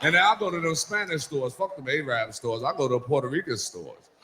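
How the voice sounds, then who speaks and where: A brash male stand-up comic with a high voice, firing off profane stories and sudden impressions. He is recorded live in an echoey club. A crowd murmurs under every line. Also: lively intonation, sharp tone, slight background noise. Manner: brash, profane storytelling with quick put-on voices. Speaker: stand-up comedian. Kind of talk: stand-up comedy set. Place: comedy club stage.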